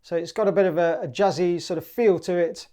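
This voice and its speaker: Chatty British clarinet teacher, mellow tone. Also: male voice, high voice, fairly even intonation, brisk. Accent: British English. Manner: chatty, sings rhythms in syllables. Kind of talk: relaxed music tutorial.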